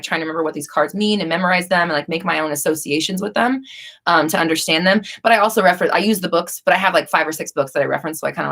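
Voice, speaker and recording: A woman's voice: sits low, fairly bright tone. A young woman hosting a live stream, chatting casually and rambling with many fillers and restarts.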